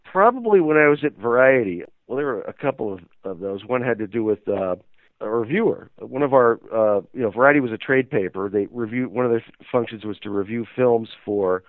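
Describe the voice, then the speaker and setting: A man's voice: medium pitch, animated, brisk, dry recording. A man telling a story as an interview guest, rambling and hesitant with many fillers. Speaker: interview guest, magazine owner. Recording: tinny phone line.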